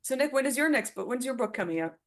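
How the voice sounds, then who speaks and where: A woman author guesting on a podcast, chatting casually with a lively, teasing, storytelling manner. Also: high voice, fast. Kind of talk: casual chat.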